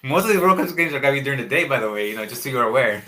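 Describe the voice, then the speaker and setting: A man co-hosting a podcast in casual chat, talking in quick bursts full of restarts. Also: mid-range voice, animated, sharp tone. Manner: fast, full of restarts and "you know". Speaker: podcast co-host.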